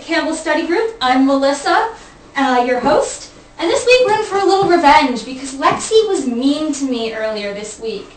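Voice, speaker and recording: A young woman hosting a casual study group, playful as she reads aloud from a book and stumbles over words. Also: high-pitched. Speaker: host. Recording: echoey room, faint background hiss.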